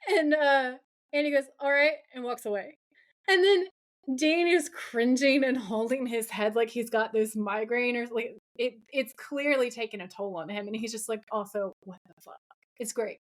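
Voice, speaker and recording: Animated woman retelling a TV episode. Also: a little high, normal speed. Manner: animated, acts out the characters' lines while retelling scenes. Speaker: podcast co-host. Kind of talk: casual chat, recapping a TV episode.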